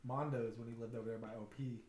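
A man's voice: mid-range voice, steady tone, quick pace, a little mellow, slight background noise. Joking guy making crude cracks, echoey room sound. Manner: crude joking, laughs often. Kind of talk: casual chat.

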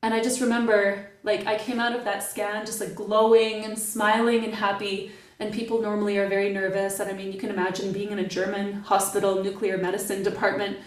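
Animated woman, echoey distant sound. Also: medium pitch, a little fast. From Canada. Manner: animated, playful storyteller. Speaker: podcast guest. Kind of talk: casual podcast conversation.

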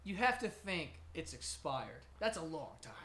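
A man co-hosting a comedy podcast, riffing in animated, laughing, crude banter. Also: fairly high pitch, normal speed. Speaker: podcast co-host.

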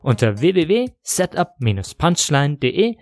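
A man hosting a podcast and reading a scripted introduction in a measured, self-deprecating way. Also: fairly high pitch, big pitch swings, darkish tone, soft background music. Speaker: podcast host.

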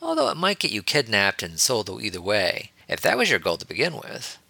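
A man's voice: lowish voice, wildly swooping pitch, fairly quick, gravelly, pushed and bright, husky, dry recording, full character voice. A man reading an audiobook, voicing a blunt, irreverent young male wizard who talks in a bland, dismissive way.

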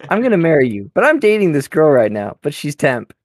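A man's voice: on the high side, big pitch swings, a little fast, no room sound. A man co-hosting a podcast, chatting casually with friends. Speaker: podcast co-host. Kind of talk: casual chat.

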